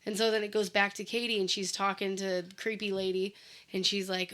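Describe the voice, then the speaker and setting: A woman's voice: mid-range voice, little pitch movement, fairly quick, fairly bright tone. A woman co-hosting a casual movie recap chat, chatty, full of likes and ums as she quotes characters. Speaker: podcast co-host.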